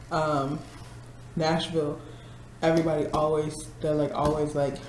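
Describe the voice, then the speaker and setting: A woman's voice: sits low, little pitch movement, moderate pace, a little mellow, a little hiss or hum. A woman in her twenties from Missouri, chatting casually to camera from her office at work, laughing often and mimicking people. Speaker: vlogger. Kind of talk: casual chat. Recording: roomy office with faint ambience.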